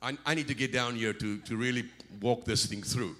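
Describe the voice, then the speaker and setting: A middle-aged man from South Africa preaching a sermon as a visiting preacher, animated, repeating words and swelling into shouts. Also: medium pitch, brisk.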